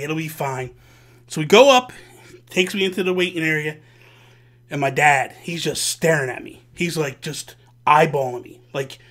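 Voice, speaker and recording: A man hosting a vlog, telling a story in a casual, animated and profane way. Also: high voice. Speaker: host.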